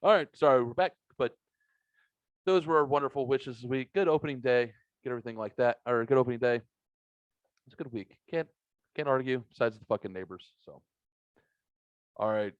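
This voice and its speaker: A man's voice: medium pitch, no room sound, lo-fi sound. Foul-mouthed podcast host man. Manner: profane, animated storyteller. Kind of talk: casual podcast chat.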